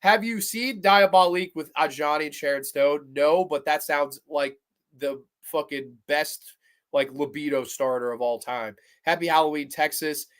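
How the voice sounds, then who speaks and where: A man hosting a live stream, talking to his chat in an excitable, profane way as he agonizes aloud over picks. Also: on the high side, moderate pace, clean tone. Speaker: podcast host.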